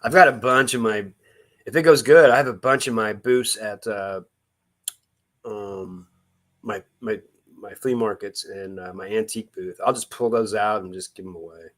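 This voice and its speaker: Casual male live-streamer, low voice, loose and rambling, thanks viewers as they join. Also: moderate pace, a bit bright. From Missouri. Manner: rambling, restarts, greets viewers by name.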